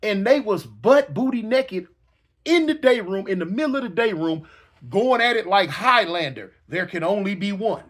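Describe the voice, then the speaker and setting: A middle-aged man casually telling a story to his viewers in slangy talk, acting out booms and slams and repeating phrases for emphasis. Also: normal speed. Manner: animated, acts out sounds like booms and slams. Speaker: storyteller recounting his own past.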